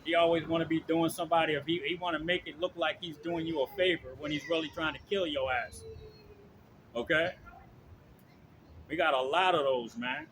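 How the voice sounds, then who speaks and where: A slightly high-voiced man preaches outdoors in a loose, rambling way, reading verses and then breaking into profane asides. He keeps checking in with "okay?" and "all right?". Faint traffic noise sits behind him. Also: fairly even intonation, fairly quick. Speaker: street preacher. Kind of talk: informal preaching with scripture reading.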